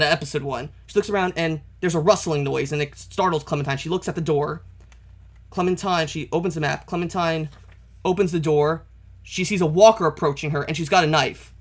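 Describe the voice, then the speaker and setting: This is a man hosting a comic reaction video, his voice sitting a little high for a man. He narrates the panels step by step and often stops to correct himself. Now and then he breaks off to say how much he dislikes where the story is going. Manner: openly dismayed commentary. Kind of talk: reading a comic aloud and reacting.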